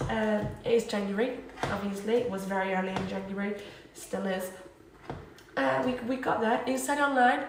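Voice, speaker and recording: A woman's voice: on the high side, far from the mic, noisy background. A drunk young woman from England streaming late at night, rambling chattily and repeating herself. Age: young adult. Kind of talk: casual drunk livestream chat. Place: student flat kitchen. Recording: echoey room, voice off-mic at times.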